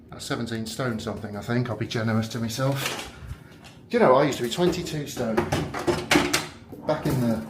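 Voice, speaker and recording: A man's voice: medium pitch, fairly quick, long pauses, roomy sound, heavy background noise. A British man giving a casual, rambling, self-mocking vlog tour of a hotel room, filmed on a handheld camera. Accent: British English. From United Kingdom. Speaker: vlogger.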